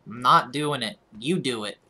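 This American man with a rural accent streams a game and chats casually with his audience, poking fun at himself and often restarting his words. His mid-range voice sounds pushed and bright, at a moderate pace.

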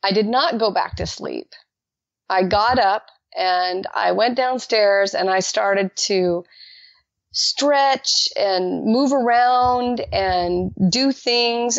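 A woman guest telling her personal faith testimony in an animated way, acting out the dialogue she quotes. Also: vocal fry, no echo. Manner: animated, acts out quoted dialogue with jumps in pitch. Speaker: podcast guest. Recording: dull lo-fi dry recording.

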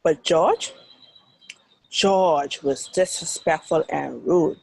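A woman's voice: low voice, slow, creaky, darkish tone, breathy edge, no room sound, poor audio. A Bahamian woman, a teacher, telling a dramatic story to children with sound effects and then asking questions.

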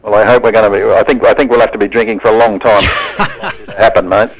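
A man's voice: on the low side, steady tone, quick pace. A man being interviewed live on radio over a phone line, earnest and plain-spoken as he gives advice. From Australia. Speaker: interview guest, honorary consul.

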